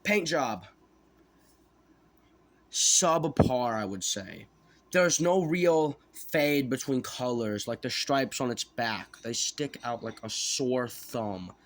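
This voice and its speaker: A man giving a casual review of a toy figure, rambling and correcting himself as he thinks aloud. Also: mid-range voice.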